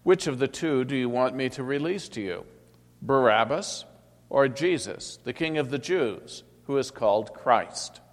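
A troubled Roman governor, as a man reads him out, pressing his questions with raised insistence. The voice has a middling male pitch and carries a long reverb through a large hall. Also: expressive, measured pace. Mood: pleading.

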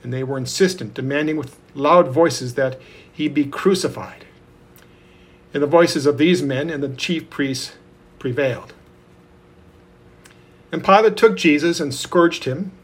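Husky man reading scripture. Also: fairly high pitch. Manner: steady measured reading. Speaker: scripture reader.

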